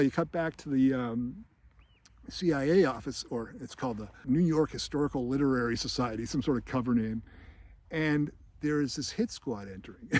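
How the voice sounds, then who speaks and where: A man's voice: mid-range voice, a little mellow, no room sound. A man hosting a podcast, retelling a film sequence in a loose, chatty way with lots of fillers and small laughs. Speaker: podcast host. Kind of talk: casual film commentary.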